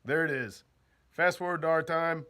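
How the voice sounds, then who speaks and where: An off-grid living vlogger jokes casually through an explainer, laughing, using slang, and acting out goofy bits in silly voices. His voice is a little high and bright with a forceful edge, at a moderate pace.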